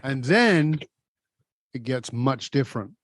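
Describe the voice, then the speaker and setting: A man's voice: mid-range voice, lively intonation, slow pace, no echo. A man hosting a podcast, emphatic and coaching, speaking straight to his listeners. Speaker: podcast host. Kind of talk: motivational interview talk.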